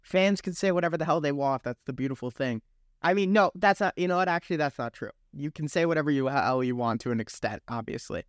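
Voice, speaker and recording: A man's voice: fairly high pitch, animated, fast talker, dry recording. A man co-hosting a podcast, making his points with emphasis and correcting himself mid-thought. His voice is recorded dry and close, with no room around it. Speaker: podcast co-host. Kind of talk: casual chat.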